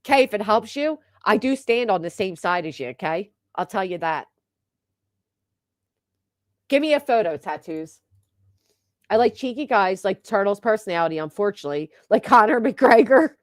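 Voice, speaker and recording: A woman's voice: medium pitch, animated, normal speed, pauses often, dry recording, studio quality. A woman hosting a casual livestream, chatting and gossiping while reading viewer comments aloud, and laughing often. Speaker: livestream host.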